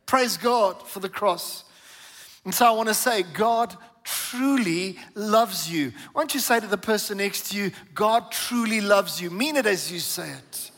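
High-voiced preaching man in echoing hall. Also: a little slow, fairly bright tone. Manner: emphatic preaching, asks congregation to repeat. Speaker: pastor. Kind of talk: sermon. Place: church hall. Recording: reverberant church hall.

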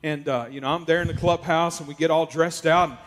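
A man's voice: fairly high pitch, fast. A man telling a story casually and animatedly, with lots of fillers. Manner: animated, acts out quoted voices, many fillers. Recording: long hall reverb.

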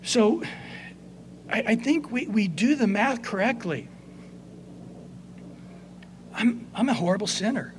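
A man preaching a sermon as pastor, conversational, moving between soft passages and emphatic points. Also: sits high, expressive, takes it slowly, long pauses, a little hiss or hum.

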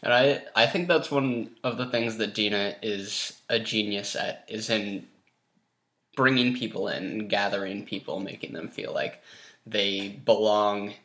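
Low-voiced man hosting a podcast. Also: fairly even intonation, fairly bright tone. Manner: halting questions with repeated words. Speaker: podcast host. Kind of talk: interviewing.

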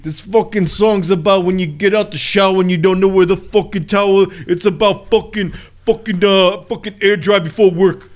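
A man's voice: high voice, fairly even intonation, moderate pace, hardly any pauses, pitched above the performer's own voice, lightly acted. A man mimicking a crude metal singer. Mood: mocking. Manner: mock stage announcement. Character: male death metal frontman impression, crude and deadpan.

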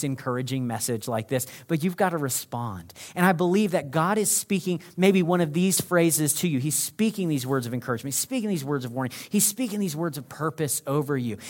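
A male pastor preaching a sermon, moving from loud, urgent calls to soft, hushed prayer. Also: medium pitch.

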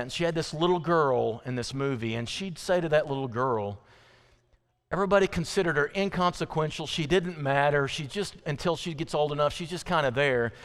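A male pastor preaching a sermon, using call-and-response and repetition that builds to loud emphasis. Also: fairly high pitch, clear, resonant tone. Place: church sanctuary. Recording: long church reverb.

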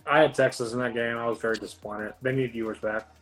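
A man co-hosting a sports podcast, telling stories in an animated, profane way. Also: medium pitch, fast talker, roomy sound, soft background music. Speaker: podcast co-host. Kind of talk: casual sports chat.

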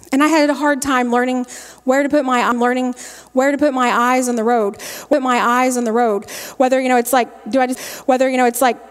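A woman giving a homespun devotional talk in a folksy way, repeating her phrases as she goes. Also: fairly high pitch. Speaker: lay speaker giving a devotional. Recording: long reverb of a large hall.

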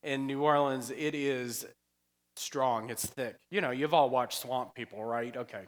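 In a church sanctuary, a male pastor gives a casual, joking sermon, drifting into chatty asides and laughing often. He speaks unhurriedly at a medium pitch, with a big-room sound.

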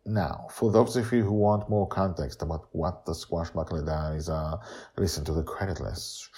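A man in his sixties, the show's author, talking to podcast listeners in a relaxed, unhurried way at the end of an episode. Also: low voice, gravelly, a little hiss or hum. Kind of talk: podcast outro and credits talk.

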